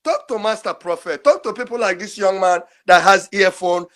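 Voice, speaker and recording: Older male caller, strikingly high-pitched, pleads emotionally and repeats himself. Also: normal speed, fairly bright tone. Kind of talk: impassioned call-in speech.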